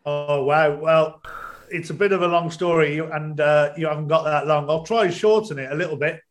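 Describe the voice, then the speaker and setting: A man's voice: on the high side, fairly even intonation, normal speed, soft background music. Hesitant man on a video call. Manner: hesitant, many ums and restarts. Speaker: guest, stadium announcer. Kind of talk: casual podcast chat.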